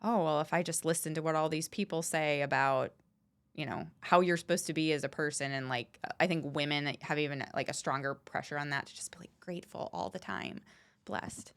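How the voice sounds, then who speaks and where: A woman's voice: sits low, fairly even intonation, fairly quick, fairly bright tone, smooth. A woman guest on a podcast, talking candidly and bluntly, swearing freely and stressing her points. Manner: frank, swears freely, emphatic. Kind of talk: candid conversational talk.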